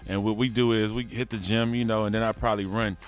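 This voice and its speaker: A man's voice: on the low side, level tone, fast, soft background music. A man, a rapper talking as an interview guest in a laid-back, slangy drawl. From Houston, Texas. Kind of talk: casual interview talk.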